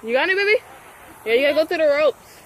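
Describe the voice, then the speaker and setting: A high-voiced woman talks in a slangy, excitable way to her handheld camera as she walks around an outdoor playground. Loud outdoor ambience fills the background. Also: quick pace, low-quality recording. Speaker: vlogger. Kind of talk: casual vlog chat. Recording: outdoor noise behind.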